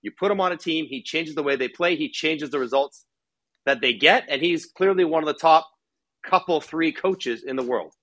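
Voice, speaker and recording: Bright-voiced former player talking hockey. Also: male voice, a little high, moderate pace, no room sound. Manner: candid, conversational, thinks aloud with fillers. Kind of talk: casual sports podcast chat.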